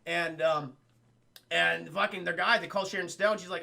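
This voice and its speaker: A young man rambles through a film recap for his live chat, swearing freely and stopping to address chat. His voice is high and bright, with a gravelly edge. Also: moderate pace. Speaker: film reviewer streaming to chat. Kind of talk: casual spoken film review.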